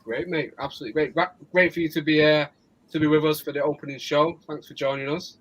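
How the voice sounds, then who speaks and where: A man with a Mancunian accent hosting a casual live show, chatty and quick to laugh, often restarting his words. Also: a little high, fairly even intonation, husky, poor audio. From Manchester, England. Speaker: host.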